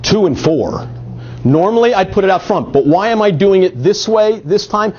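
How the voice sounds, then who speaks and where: A man's voice: high-pitched, animated, normal speed, darkish tone, slight background noise. A man giving a live marketing workshop at a meetup, energetically coaxing volunteers from the audience to join in. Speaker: marketing presenter. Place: meeting room at a group meetup. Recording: dull lo-fi audio.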